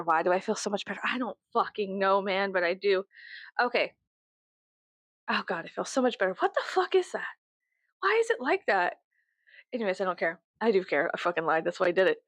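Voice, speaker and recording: In a dry recording with no room sound, a young Southern US woman vlogs casually from her bedroom, rambling and swearing with abrupt loud, high outbursts. She talks a little fast but leaves long pauses.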